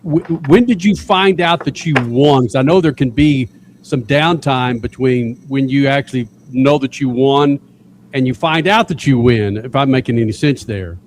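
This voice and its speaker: Mid-pitched man interviewing. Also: moderate pace, slight background noise. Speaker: racing show host.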